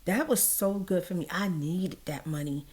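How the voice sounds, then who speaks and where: A woman's voice: lowish voice, moderate pace, a little mellow. A middle-aged woman telling a personal story in casual vlog chat, acting out the people she quotes. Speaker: vlogger.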